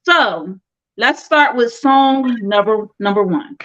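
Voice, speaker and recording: A woman's voice: fairly high pitch, expressive, slow pace, fairly bright tone. Upbeat woman with a dull lo-fi mic. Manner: playful, laughing, enthusiastic. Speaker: guest reviewer. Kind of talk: casual music review chat.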